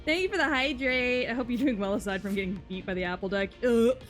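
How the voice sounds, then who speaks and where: Here the exhausted streamer talks fast in a voice on the high side, cursing in frustration at her card game while bantering casually with her audience. Faint music plays underneath.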